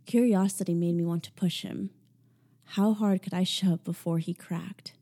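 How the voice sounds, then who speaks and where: A young adult woman narrating a first-person audiobook in a hushed, intimate way with sarcastic asides. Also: lowish voice, fairly even intonation, moderate pace.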